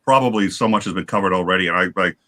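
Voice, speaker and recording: Animated man with a bright voice. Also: sits low. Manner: animated, halting with many restarts. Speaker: guest on a livestream panel. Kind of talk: casual storytelling chat.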